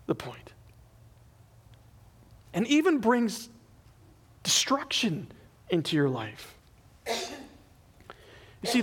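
Male pastor, sermon, high voice, lively swooping delivery, acts out quotes. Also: husky. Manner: animated, acts out quoted people in his retelling. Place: church.

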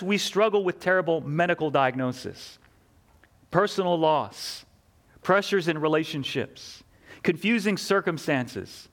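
A man with a fairly high, slightly bright voice preaches a sermon as a pastor. He is earnest and emphatic, asking rhetorical questions and repeating key phrases.

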